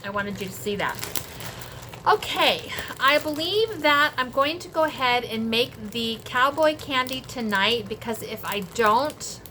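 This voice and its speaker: A woman's voice: a little high, lively intonation, a little slow, background noise. A middle-aged woman chatting casually to viewers in a homey vlog from her kitchen and garden. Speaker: homesteading vlogger.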